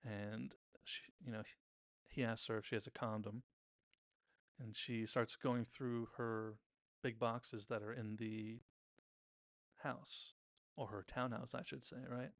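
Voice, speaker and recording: Male podcast host, gravelly voice, chatty TV-recap delivery, dry close mic. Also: medium pitch, flat delivery, slow, long pauses, no room sound. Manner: chatty, retells scenes by briefly mimicking characters' lines. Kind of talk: casual episode recap commentary.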